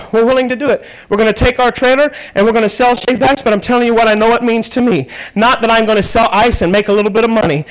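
Man, 30s, evangelist preacher, very high voice, storytelling sermon. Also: low-quality recording. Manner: storytelling, rising to fervent preaching. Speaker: traveling evangelist.

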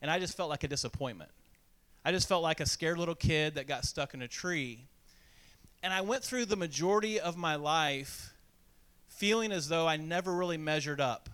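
A man's voice: fairly high pitch, moderate pace, fairly bright tone, smooth. A man from Indiana preaching a sermon, telling a self-deprecating childhood story and acting out the voices of the people in it. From Indiana, USA. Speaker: pastor.

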